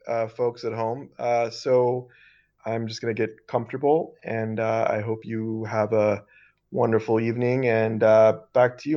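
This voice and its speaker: Guy playing a halting reporter, lots of uhs, kinda muffled lo-fi mic. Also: mid-range voice, lightly acted. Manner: halting, full of "uh" and restarts. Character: hesitant male field correspondent.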